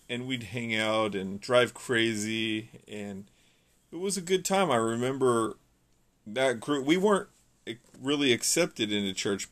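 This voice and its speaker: A young man from California speaks in an earnest, rambling way, often restarting his sentences. His pitch sits in the ordinary middle range. It sounds like a personal testimony told to the listener. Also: a bit bright.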